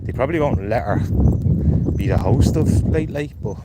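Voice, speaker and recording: A man's voice: medium pitch, expressive, moderate pace. A man from Ireland with a Dublin accent, chatting casually on a live stream, swearing freely and replying to viewers. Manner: swears freely, reads out chat. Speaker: livestreamer. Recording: noisy outdoor background.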